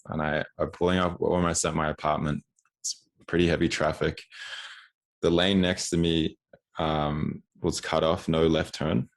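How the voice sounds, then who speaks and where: A man's voice: a bass voice, level tone, normal speed, creaky. A man in his twenties, a podcast guest, telling a story casually with frequent restarts and acted-out quotes. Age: 20s.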